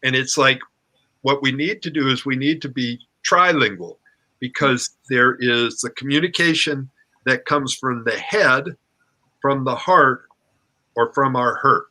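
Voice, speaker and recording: A middle-aged man, a relationship coach, talking in a playful, animated way and acting out his reactions. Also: medium pitch, measured pace. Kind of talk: casual conversation.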